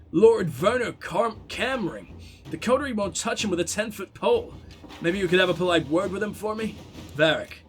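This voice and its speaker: A man voicing a sly, worldly male writer, reading a letter in a low, laid-back way.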